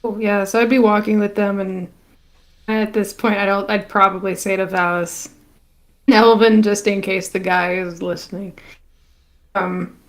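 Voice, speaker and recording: A woman's voice: mid-range voice, flat delivery, a little slow. A woman playing a tabletop game, chatty as she proposes plans for her character. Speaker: player. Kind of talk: casual tabletop play.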